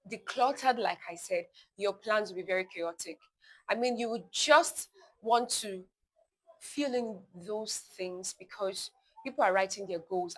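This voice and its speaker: A woman hosting a motivational podcast. She speaks emphatically, repeats her points and adds lively asides. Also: medium pitch, rough recording. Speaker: podcast host.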